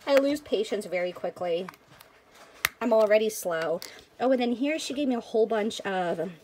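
A woman vlogger chatting excitedly to viewers as she unboxes a package of craft supplies. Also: medium pitch, background noise. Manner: gushing, excitable, addresses viewers as you guys. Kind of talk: casual unboxing chat.

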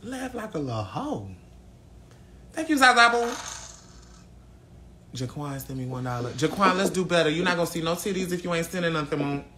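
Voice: mid-range voice, animated, fast talker, hardly any pauses, fairly bright tone, slight background noise. A livestream host in their twenties from St. Louis, chatting in a brash, crude, teasing way. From St. Louis, USA. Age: 20s. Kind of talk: casual live-stream chat.

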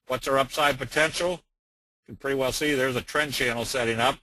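Bright-voiced, folksy middle-aged man. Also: medium pitch, steady tone, brisk, no echo, poor audio. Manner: plain-spoken, folksy, frequent "uh" fillers. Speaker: trading educator. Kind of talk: webinar presentation.

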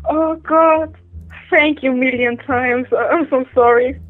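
A high-voiced woman talks on a muffled, dull phone line with faint music behind her. She calls in as a fan, giggly and flustered, and stammers through the excited call. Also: slow pace. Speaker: fan caller.

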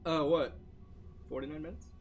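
A man casually chatting and commentating while playing a video game, loud and playful, bursting into shouts. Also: fairly high pitch, fairly even intonation, moderate pace, crowd noise. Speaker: gameplay commentator. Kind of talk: casual gaming chat.

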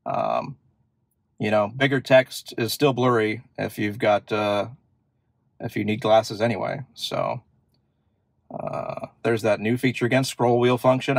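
A man's voice: mid-range voice, sing-song, unhurried, creaky, no room sound. A man hosting a car channel, chatting casually and thinking aloud with fillers as he shows features from inside his parked car. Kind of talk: casual demo walkthrough.

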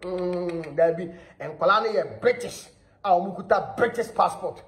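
A man from Ghana hosting a celebrity gossip channel, talking in an animated way and often laughing as he speaks. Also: high-pitched, measured pace. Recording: echoey room.

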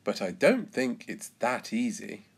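A confident mother pig who is sure she can win, as a man puts her on for a storybook. She speaks firmly and slowly with plenty of melody. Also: medium pitch, very animated, breathy edge, full character voice.

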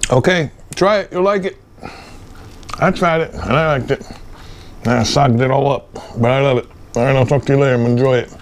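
A man's voice: medium pitch, steady tone, fairly quick, slight background noise. A man casually showing viewers how he makes a roast beef sandwich, joking and talking as he eats. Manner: playful, chatty, talks to viewer while eating. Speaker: home cooking vlogger. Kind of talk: casual cooking demo.

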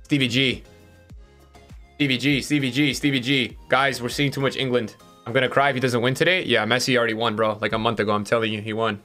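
A male streamer giving live-stream commentary to his chat, excitable and swinging between hype and letdown with plenty of fillers. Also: medium pitch, fast talker, soft background music. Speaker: streamer opening game packs.

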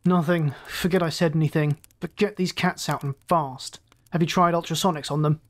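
A storyteller voicing a grim male first mate in an audiobook, speaking crisply and urgently. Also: medium pitch, fairly even intonation, normal speed, lightly acted. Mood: commanding.

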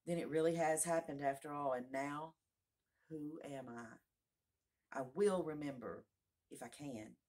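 A woman's voice: deep voice, measured pace, pauses often, a little mellow. A woman voicing Alice, a curious young girl who rambles and muses aloud to herself, in a storybook reading. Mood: musing.

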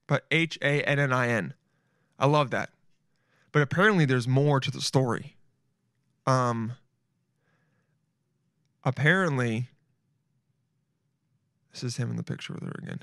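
A man's voice: mid-range voice, unhurried, vocal fry, pauses often, fairly bright tone, dry recording, studio quality. A young man hosting a podcast, riffing casually and animatedly, laughing often and slipping in slang like "dude". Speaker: podcast host. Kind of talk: casual solo podcast riff.

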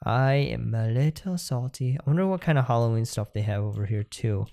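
A young man hosting a casual let's-play, talking straight to his viewers with excitable energy. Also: medium pitch, a little fast, vocal fry. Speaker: gaming video host.

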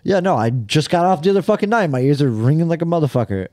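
A young man on a podcast mic, trading crude jokes and laughing through his stories. His pitch bounces all over the place, and the sound is close and dry with no room around it. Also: lively intonation, fast talker, mellow, no room sound. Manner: crude, joking, laughs often. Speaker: podcast co-host. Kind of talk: casual chat.

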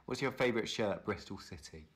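A man's voice: on the low side, lively intonation, a little fast, a bit bright. A man hosting a casual livestream, chatting with a friend and thanking viewers by name. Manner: reads out viewer names and thanks them, chatty and upbeat. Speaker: livestream host.

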